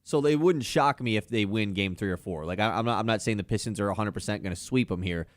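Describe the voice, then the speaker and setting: A man's voice: fairly low pitch, fast, dry recording. A man hosting a sports talk radio show, chatting casually and with animation about basketball. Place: radio studio.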